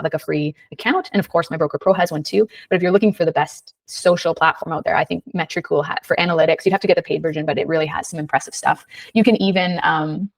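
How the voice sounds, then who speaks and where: A woman's voice: on the low side, creaky, no room sound, far from the mic. A woman hosting a live screen-share tutorial, chatty and casual, with lots of fillers and "right?" tags. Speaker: webinar host, design instructor.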